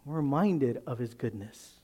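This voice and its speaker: This pastor's medium-pitched voice is expressive and mellow with a breathy edge, moving at normal speed. His preaching is conversational: he poses rhetorical questions to the congregation and plays out small scenes, voicing the characters.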